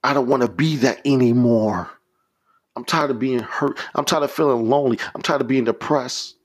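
A man's voice: mid-range voice, normal speed, slightly rough. A man preaching a podcast sermon, leading prayers in a fervent, repetitive, exhorting way.

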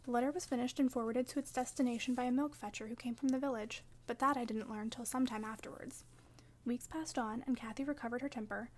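A woman narrating a classic novel in the first person, measured and expressive. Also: fairly high pitch. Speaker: audiobook narrator.

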